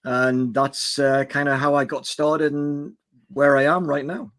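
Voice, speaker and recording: A man's voice: on the high side, level tone, a little slow, a bit bright. A retired man in his sixties, a guest on a live stream, chatting with loose enthusiasm about how he started. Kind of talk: casual chat on a live stream.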